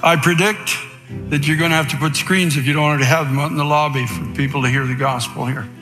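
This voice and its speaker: A man's voice: fairly high pitch, steady tone, fast talker, over music. A male pastor preaching a sermon in an emphatic way. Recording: preacher in a reverberant hall.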